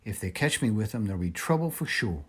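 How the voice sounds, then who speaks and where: A man voicing a gentle, loyal young boy soldier in a storybook reading, earnest and pleading. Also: fairly low pitch, very animated, fast talker, slightly rough. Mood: hushed.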